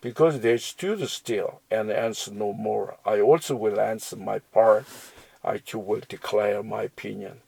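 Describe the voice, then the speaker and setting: A man's voice: fairly low pitch, fairly even intonation, a little slow, gravelly, a little mellow, slightly rough, no room sound, rough recording. A man reading Bible verses aloud and explaining them, with frequent restarts and fillers. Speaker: Bible teacher. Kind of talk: slow scripture reading and commentary.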